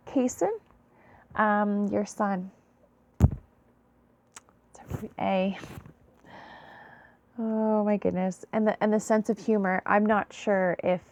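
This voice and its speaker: Woman, tired, slow and unhurried, soft-spoken, apologetic, mid-pitched, late-night intuitive reading. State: tired, yawning. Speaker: intuitive reader.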